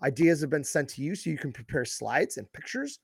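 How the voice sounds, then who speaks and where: A man's voice: a little high, very animated, fairly quick, gravelly, husky, dry recording, clean studio sound. A man co-hosting a podcast, telling stories animatedly in crude casual chat and swearing freely. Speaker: podcast co-host.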